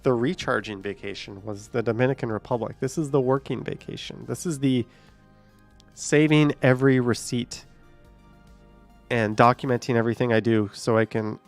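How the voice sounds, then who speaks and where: A man's voice: medium pitch, gravelly. A man hosting a casual livestream, reading out chat comments with joking, sarcastic asides and a bit short of breath.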